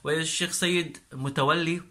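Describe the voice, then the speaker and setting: A man teaching a lesson, explaining in short halting phrases with frequent pauses and fillers. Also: a little high, steady tone, pushed and bright.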